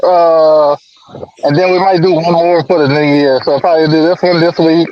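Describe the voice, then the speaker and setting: A man chatting as a guest on a livestream, rambling and halting, with many fillers and repeats. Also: on the high side, fairly even intonation, lo-fi sound, a little hiss or hum. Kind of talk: casual chat.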